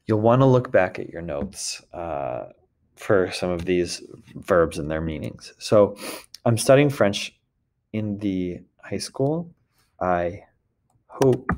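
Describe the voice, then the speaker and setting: A man teaching a recorded French lesson, explaining step by step and often checking in with the class. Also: deep voice.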